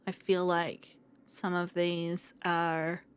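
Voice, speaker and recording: A woman's voice: on the low side, monotone, drawn-out words, smooth, no room sound. Woman chatting over a game. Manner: reads game text aloud between remarks, frequent fillers. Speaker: let's play host. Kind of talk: casual gameplay commentary.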